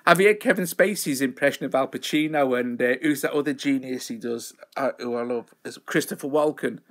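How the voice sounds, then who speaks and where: A man hosting a live stream in a loose, rambling chat. He pokes fun at himself as he wanders from topic to topic. His voice sits a little high for a man. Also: normal speed, few pauses, fairly bright tone. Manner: rambling, chatty, self-mocking. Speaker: host of a live show.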